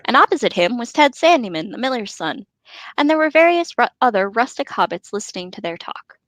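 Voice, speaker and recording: A woman's voice: fairly high pitch, very animated, brisk, fairly bright tone, dry recording, poor audio. A woman co-hosting a podcast, reading a book aloud and breaking off into giggly, joking chat.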